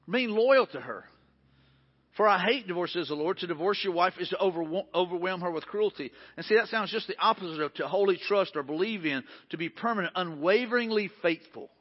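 A male pastor preaches in a high, conversational voice. He hammers repeated phrases and slips into quoted asides. The sound is dull and muffled, with a long reverb trailing through a large hall. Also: animated, fairly quick. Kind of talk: sermon.

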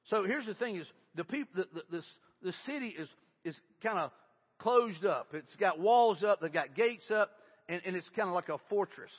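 A man preaching a sermon as pastor, telling the story in a casual, animated way and reading scripture aloud. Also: high voice, moderate pace, husky, big-room sound, dull audio.

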